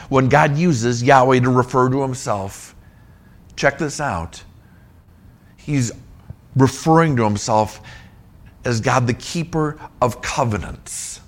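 A man preaching a sermon on scripture, emphatic, rising to near-shouts and dropping low. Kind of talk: expository sermon.

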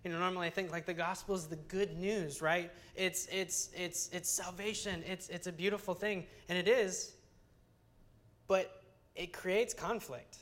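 An earnest young adult teaching scripture in a relaxed, conversational sermon. The voice sits mid-pitch and comes across chatty, often circling back with restarts and casual fillers as the points build. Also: unhurried. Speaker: Bible teacher.

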